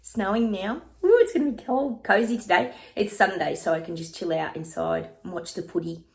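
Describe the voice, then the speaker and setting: A psychic reader, a chatty woman with a gravelly, mid-range voice, hosts a casual livestream with tarot readings. She speaks at normal speed in a steady tone, rambling and calling her viewers "guys."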